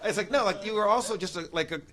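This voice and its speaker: A man telling a long, animated anecdote on a podcast stage, acting out the voices in it. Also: high voice, racing. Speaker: podcast guest comedian telling a story. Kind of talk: casual storytelling.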